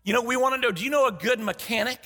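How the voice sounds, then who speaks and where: A man preaching a sermon as pastor, telling a story in an animated way and acting out the dialogue. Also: extremely high pitch, very fast. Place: large church sanctuary. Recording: long hall reverb.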